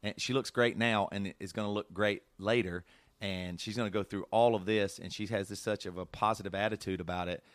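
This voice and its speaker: Earnest low-voiced man, dry studio sound. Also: fairly even intonation, a little fast, a bit bright, no echo. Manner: earnest, emotional storytelling with many restarts. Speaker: podcast host. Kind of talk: casual podcast chat.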